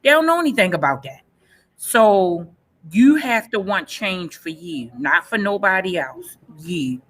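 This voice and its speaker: A woman's voice: mid-range voice, lively intonation, measured pace. A woman in her forties speaking earnestly about her own life. She talks emphatically and repeats her key phrases. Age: 40s. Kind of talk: personal testimony in a panel session.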